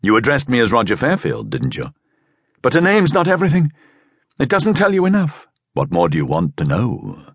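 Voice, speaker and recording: A man's voice: mid-range voice, huge pitch swings, moderate pace, husky, no room sound, clean studio sound, pitched above the performer's own voice, heavily acted. A man voicing a cool, mysterious young man who teases and coaxes, in an audiobook. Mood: cold. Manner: cool, teasing, coolly persuasive. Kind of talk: audiobook character voice.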